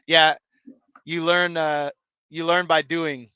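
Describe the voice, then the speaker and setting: Bright, crisp-voiced man chatting on a stream. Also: on the high side, little pitch movement, slow, no room sound, muffled recording. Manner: rambling, many restarts and fillers. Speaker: live stream host reading chat. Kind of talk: casual chat.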